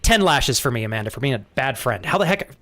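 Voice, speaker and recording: A young man streams a game live at a quick pace, chatting casually with viewers and thanking them by name. He swears freely, and his pitch jumps high when he gets excited.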